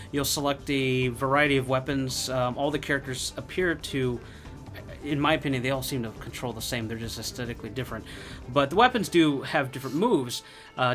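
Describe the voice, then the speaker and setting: A man's voice: mid-range voice, a bit bright. A man chatting casually while reviewing an old fighting game, rambling with lots of fillers and restarts.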